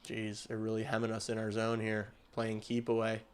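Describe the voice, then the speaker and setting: A man hosting a hockey livestream, calling the game in casual play-by-play and getting loud and excited on big chances, with some swearing. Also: fairly low pitch, moderate pace, smooth. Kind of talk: casual live play-by-play commentary.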